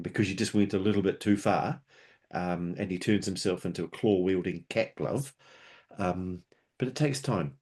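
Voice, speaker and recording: Low-voiced man giving a chatty webinar talk. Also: darkish tone. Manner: conversational, explains with homely analogies and stories. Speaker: webinar presenter.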